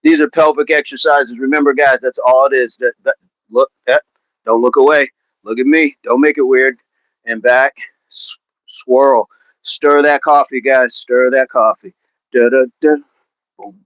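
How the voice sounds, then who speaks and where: A man's voice: mid-range voice, unhurried, pauses often, fairly bright tone, no echo, muffled recording. A man leading an outdoor workout livestream, joking with viewers and laughing often in casual chat. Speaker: fitness coach leading a live workout.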